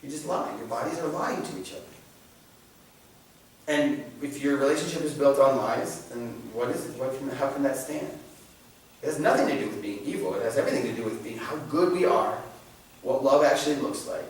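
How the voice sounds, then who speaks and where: In a church meeting room, a man presents an informal faith talk to a catechism class, animated and joking, restarting sentences often. His mid-range voice moves briskly, and the distant mic picks up a very echoey room.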